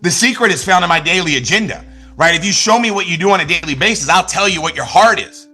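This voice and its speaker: Energetic man coaching with bright, high voice. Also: quick pace, faint music behind. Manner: energetic, repetitive, many restarts and "right?". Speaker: network marketing trainer. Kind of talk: motivational business talk.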